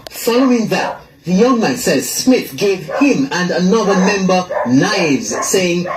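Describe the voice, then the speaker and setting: A news reporter reading a scripted report in a measured, formal way. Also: medium pitch, lively intonation, reverberant, a loud crowd, poor audio.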